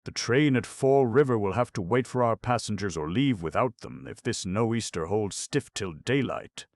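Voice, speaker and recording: Stern old sea captain, commanding, read by a man with a very low, dry voice. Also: lively intonation, a little slow, vocal fry, dry recording, heavily acted. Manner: commanding, clipped orders. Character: stern veteran steamboat captain, older man.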